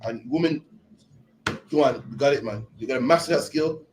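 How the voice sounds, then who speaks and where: Young guy teaching a bible class, quick and high, blunt street talk, bit of background hiss. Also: a little mellow, poor audio. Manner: streetwise, blunt, peppered with slang.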